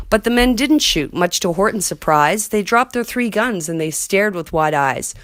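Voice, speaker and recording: A woman's voice: mid-range voice, animated, normal speed, few pauses, no echo. A woman reading a rhyming children's picture book aloud as a storyteller, in a rhythmic way.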